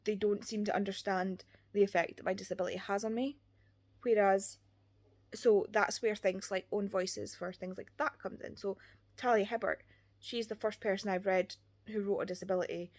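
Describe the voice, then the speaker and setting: Earnest young Scottish woman book vlogger, mid pitch, rambling casual delivery. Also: darkish tone. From Scotland. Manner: earnest, rambling, many "like" fillers. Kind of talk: casual chat.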